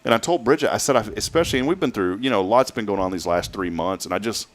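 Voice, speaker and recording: A man's voice: fairly low pitch, fast talker. A man hosting a morning talk show, rambling and often restarting his sentences. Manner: rambling, self-interrupting, chatty. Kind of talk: casual chat.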